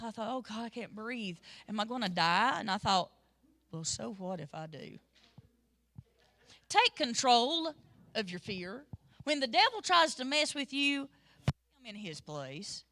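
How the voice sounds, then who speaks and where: Bright, animated woman preaching. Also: a little high. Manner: lively storytelling, shifts between loud and soft. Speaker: Sunday school teacher. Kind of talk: sermon.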